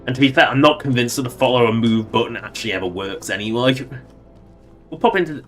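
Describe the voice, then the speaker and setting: A man's voice: mid-range voice, quick pace, fairly bright tone, faint music behind. A man casually commenting on a game he plays on a livestream, wry and chatty, laughing at his own jokes.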